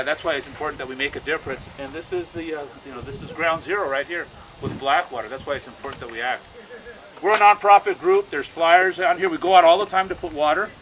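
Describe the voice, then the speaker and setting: An American activist gives an impassioned outdoor speech to a crowd, telling stories urgently and often repeating himself. His voice sits on the high side with a fairly bright tone, and the recording is noisy.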